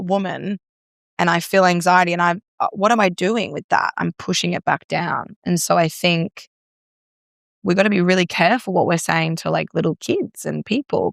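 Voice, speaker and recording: A young Australian woman, a breathwork guest, has a fairly low, gravelly voice recorded in a clean studio with no room sound. She chats casually and tells stories, constantly using "like" as a filler.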